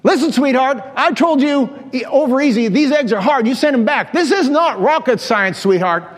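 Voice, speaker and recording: A man's voice: very high-pitched, lively intonation, moderate pace, pitched above the performer's own voice. A man voicing a condescending, bossy male TV preacher in the middle of a sermon story. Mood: scolding. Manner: condescending and curt. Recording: long reverb of a large church hall.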